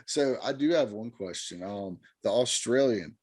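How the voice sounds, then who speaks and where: A man's voice: medium pitch, expressive, unhurried, darkish tone, husky, dry recording, studio quality. A man hosting a casual interview, asking questions in an easygoing, chatty way that often trails off. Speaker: interview host.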